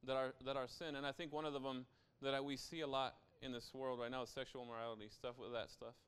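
A man's voice: medium pitch, level tone, fast talker, fairly bright tone, clear, resonant tone. A young adult man preaching a sermon as pastor, in a conversational style with frequent asides to the listeners.

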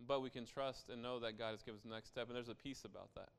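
Man, young adult, pastor, conversational sermon, mid-pitched voice, very smooth and resonant. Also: fairly even intonation, fast. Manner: conversational preaching with frequent "right?" asides.

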